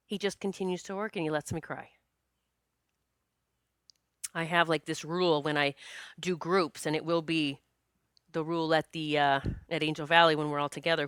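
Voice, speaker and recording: A woman podcast host and psychic medium telling a personal story in a casual, animated, earnest way, with many restarts and quoted self-talk. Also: on the low side, smooth, dry recording, clean studio sound. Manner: spiritual, earnest.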